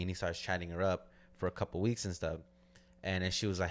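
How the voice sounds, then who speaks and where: A man with a very low voice tells a story on a podcast in loose, casual talk. He swears freely and fills his sentences with "like", and his voice climbs high whenever he acts out other people. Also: steady tone, quick pace. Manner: loose, profane storytelling with frequent "like" fillers. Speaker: podcast co-host.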